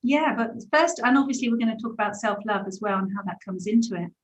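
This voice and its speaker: A woman's voice: medium pitch, lively intonation, fast talker. Gushing English woman host in an echoey room. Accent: English, Brighton. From England. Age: 40s. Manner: gushing, affectionate, spiritual. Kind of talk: casual interview chat.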